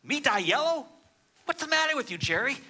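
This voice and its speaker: A man's voice: very high voice, big pitch swings, brisk, bright, forceful tone, pitched above the performer's own voice, exaggerated voice. A man voicing a defiant tough-guy gangster about to be executed, brash and incredulous.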